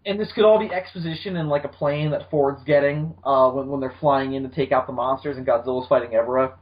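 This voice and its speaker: A man's voice: medium pitch, steady tone, quick pace, highs cut off. A man co-hosting a casual movie podcast, rambling with lots of ums and joking asides. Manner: rambling with many ums, swearing, jokey voices. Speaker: podcast co-host.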